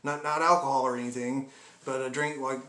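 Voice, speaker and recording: A man's voice: mid-range voice, level tone, fairly quick, fairly bright tone. A man telling comic stories about his pets in a rambling, chuckling way, with exaggerated asides. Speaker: comedy vlogger. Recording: echoey room with background noise.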